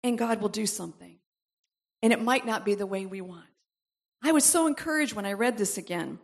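A woman delivers a sermon at a brisk clip in an expressive, creaky, mid-range voice. She reads verses aloud, interrupts herself with asides and laughs, and works up to repeated, emphatic exhortations.

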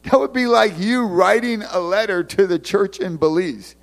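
Animated man preaching in a reverberant hall. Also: sits high, moderate pace, vocal fry. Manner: animated, storytelling, breaks into loud outbursts. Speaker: ministry leader. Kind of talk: conversational sermon talk.

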